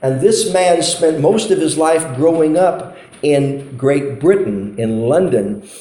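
A man's voice: a little high, lively intonation, slow pace, mellow. A man preaching a sermon, telling a story with impassioned, pleading emphasis. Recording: roomy hall echo.

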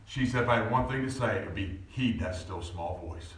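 A man in his forties preaching a sermon. He talks in a lively way and climbs to shouts at the peaks. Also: fairly low pitch, a little fast, far from the mic. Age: 40s. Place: church sanctuary. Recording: echoey room, voice from off-mic.

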